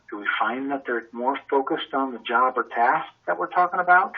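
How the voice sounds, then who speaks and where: A man's voice: mid-range voice, normal speed, hardly any pauses, breathy edge, muffled recording. A man leading a sales training session over a conference call, talking energetically and conversationally and asking lots of rhetorical questions.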